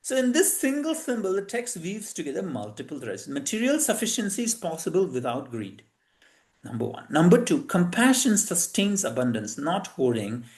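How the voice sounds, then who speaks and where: A man's voice: sits high, very animated, moderate pace, a little mellow. A man giving a lecture-style talk, earnest, with frequent fillers and self-corrections. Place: venue of a talk series.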